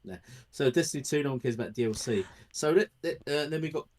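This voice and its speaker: Casting: mid-pitched man, podcast host, halting delivery, repeats phrases, dry humor. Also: expressive, darkish tone. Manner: halting, repeats himself, dry running jokes. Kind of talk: casual gaming chat.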